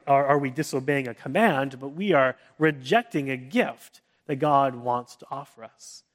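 Earnest male pastor in his thirties, sermon delivery, a touch high-pitched, sinks to a gentle hush when reassuring. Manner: earnest, with frequent restarts; drops to a soft hush for comforting quotes.

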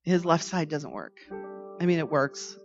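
A woman's voice: sits low, expressive, unhurried. A woman hosting a devotional podcast, telling a family story in an earnest, conversational way with frequent restarts. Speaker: podcast host. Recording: slightly dull recording with faint music.

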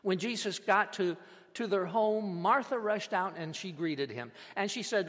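A man preaching a sermon as a pastor, measured and emphatic, with dramatic pauses. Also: high-pitched, expressive, a bit bright. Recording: long hall reverb.

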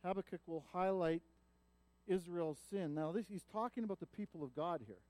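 Preacher: high-pitched man, dry close sound, earnest sermon delivery that builds to pleading cries. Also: brisk, darkish tone, no echo. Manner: earnest preaching that swells when voicing a prophet's cries. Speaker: pastor.

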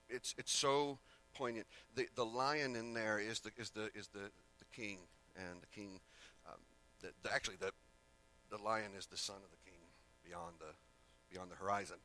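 A man's voice: fairly low pitch, fairly even intonation, moderate pace, sharp tone, slight background noise. A male preacher giving a sermon in a casual way, with rambling asides and self-corrections.

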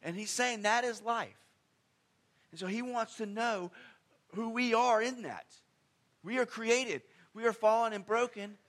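A man preaching a sermon in a conversational style, with sudden emphatic swings in pitch and loudness. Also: a little slow, pauses often. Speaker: pastor.

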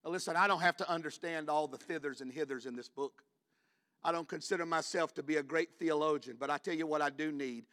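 A man preaching a sermon in a church, moving between quiet personal storytelling and loud, shouted declarations. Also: on the high side, fast talker. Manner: shifts from hushed storytelling to shouted climaxes.

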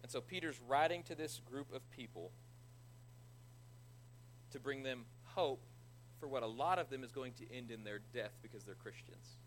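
A man preaching a conversational sermon as a pastor, retelling scripture with animated energy and self-deprecating humor. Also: mid-range voice, moderate pace, pauses often, slight background noise, poor audio.

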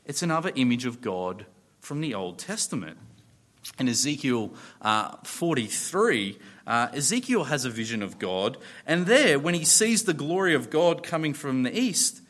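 Earnest and emphatic, a man explains scripture in his sermon, using fillers and pausing to bring his voice down on key phrases. His pitch swings widely and his tone is fairly bright.

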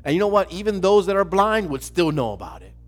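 Preaching pastor, a man with a higher voice. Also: big pitch swings, fast, soft background music. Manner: preaching, rising to loud emphatic bursts, repeating phrases. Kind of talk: sermon.

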